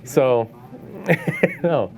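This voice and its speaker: A man's voice: fairly high pitch, wildly swooping pitch, very slow, a crowd in the background. A man giving a casual lecture on the art business to photographers, tossing in "right?" and laughing now and then. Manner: conversational, tag questions like "right?", laughs often. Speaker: art dealer giving a talk. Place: event space.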